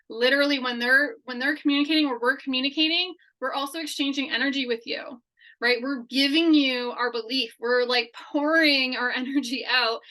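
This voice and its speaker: A woman's voice: sits high, bright, forceful tone, rough recording. A woman hosting a weekly team training call, speaking in an upbeat, persuasive way.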